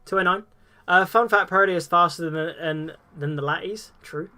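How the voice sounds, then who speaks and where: A young man, commentating on a live game stream, casual and excitable and swearing freely. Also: high voice, brisk.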